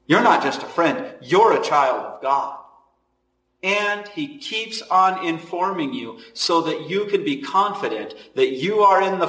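High, lively-voiced preacher in an echoey room. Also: male voice, recorded from a distance. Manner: dramatic swings between loud and hushed delivery. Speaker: pastor. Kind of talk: sermon.

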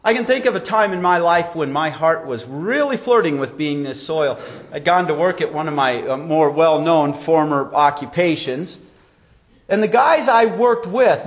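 A man preaching a sermon as pastor, telling stories and acting out quotes, with sharp rises and drops in his voice. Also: a little high.

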